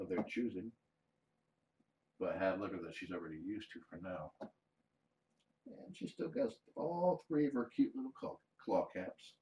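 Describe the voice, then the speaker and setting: A man streaming live as a cat fosterer, talking softly to the cat and explaining the next steps to viewers, restarting his phrases as he goes. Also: deep voice, slight background noise. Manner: soft-spoken, coos fondly to a cat. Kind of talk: casual livestream chat. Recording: roomy sound, mic some distance away.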